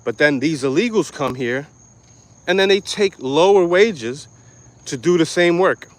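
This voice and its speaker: A man's voice: a little high, lively intonation, a little slow, dry recording. Young new york guy ranting hard, cursing, street slang, blunt and aggressive. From New York City. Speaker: online commentator. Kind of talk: ranting commentary.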